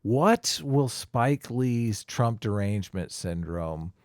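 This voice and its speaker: A man's voice: lowish voice, animated, takes it slowly, darkish tone, no echo, clean studio sound. A man co-hosting a casual livestream chat in a wry, provocative way, chuckling as he talks. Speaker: livestream co-host and video maker.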